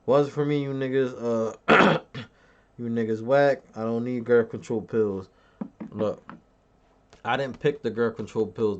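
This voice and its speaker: Streamer, male, mid-pitched, crude boastful banter with chat, dull lo-fi mic. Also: a bit bright. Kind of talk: casual live-stream chat.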